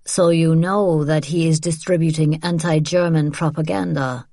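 A woman's voice: deep voice, steady tone, normal speed, dark tone, no echo, clean studio sound. A woman voicing a cold, menacing male secret police agent who questions in a clipped, level way. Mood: cold menace.

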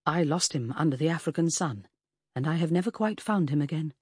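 Woman doing a polite sad ex-officer guy, formal and gentle, husky, dry close sound. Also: a little high, brisk, no echo. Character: courteous, melancholy former army officer.

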